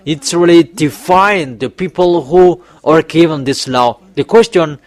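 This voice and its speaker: A man's voice: a little high, unhurried, few pauses. A male preacher giving a sermon in non-native English, emphatic and repetitive, with sudden raised bursts. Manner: speaks English as a second language, with non-native grammar.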